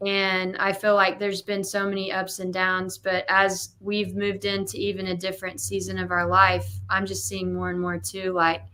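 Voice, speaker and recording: Young woman gym owner chatting, bright voice, acts out quotes as she tells stories. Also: medium pitch, normal speed, hardly any pauses. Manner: animated storyteller, acts out quotes. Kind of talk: casual podcast chat.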